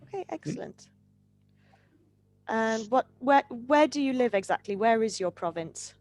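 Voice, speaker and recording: A woman's voice: on the high side, animated, measured pace, a little mellow, dry recording. A woman teaching an online English class on a video call, upbeat and teasing.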